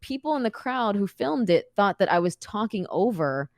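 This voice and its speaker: A woman in her thirties, a podcast guest, telling a story in a lively, casual way, laughing often and using many fillers. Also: mid-range voice, normal speed, no room sound, clean studio sound. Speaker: podcast guest, wrestler and actor.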